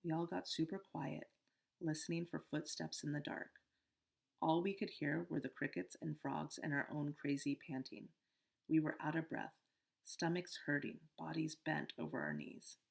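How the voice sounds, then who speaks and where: A woman reading a children's novel aloud in steady, first-person storytelling. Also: sits low, moderate pace, vocal fry. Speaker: audiobook narrator. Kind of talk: scripted first-person narration.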